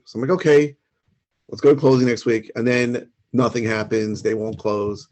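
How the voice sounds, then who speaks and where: A man co-hosting a podcast who jumps in with quick, plainspoken questions and tells his own story. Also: mid-range voice, darkish tone, dull audio. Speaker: podcast co-host. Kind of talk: casual chat.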